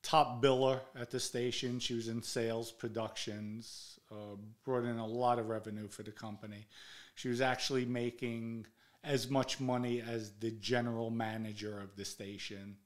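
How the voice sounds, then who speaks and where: A man's voice: mid-range voice, little pitch movement, moderate pace. A middle-aged man, a podcast host telling a personal story in a blunt, heated way and swearing freely.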